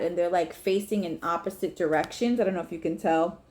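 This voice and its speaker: A woman's voice: fairly low pitch, a little fast, few pauses, darkish tone. A woman giving a casual, chatty tarot reading, swearing freely and talking straight to her viewers. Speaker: tarot reader.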